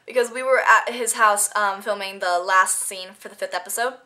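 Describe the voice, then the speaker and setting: A woman's voice: medium pitch, steady tone, normal speed, pushed and bright. A teenage girl talking casually to her camera in an unscripted vlog, rambling through funny stories and giggling now and then. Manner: chatty, giggly, rambling storytelling. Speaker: vlogger.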